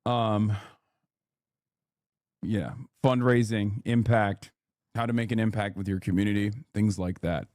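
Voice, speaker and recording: Low-voiced man talking thoughtfully. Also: steady tone, measured pace, pauses often, darkish tone, dry recording, clean studio sound. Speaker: streamer in a played clip. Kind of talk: casual talk.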